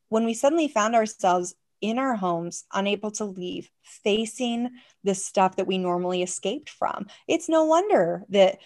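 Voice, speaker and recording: A middle-aged woman, an organizing coach, chatting enthusiastically in an interview, her voice leaping up when excited. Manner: enthusiastic, animated, jumps up in pitch when excited. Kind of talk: casual interview chat.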